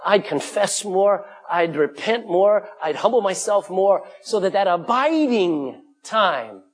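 A middle-aged male pastor preaching a sermon, emphatic, swinging from loud calls to hushed asides. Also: high voice, very animated, slow pace, breathy edge.

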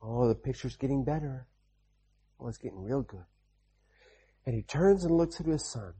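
A man preaching a children's sermon, telling a Bible story in an animated way, repeating lines and calling out amens. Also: medium pitch, normal speed, slightly rough. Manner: animated, repetitive, with call-and-response amens.

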